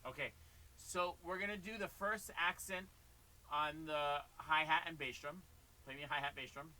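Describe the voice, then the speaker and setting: Bright-voiced drum teacher counting beats. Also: male voice, fairly high pitch, steady tone, moderate pace, poor audio. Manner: counts beats aloud, stops the student sharply. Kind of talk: live-streamed drum lesson.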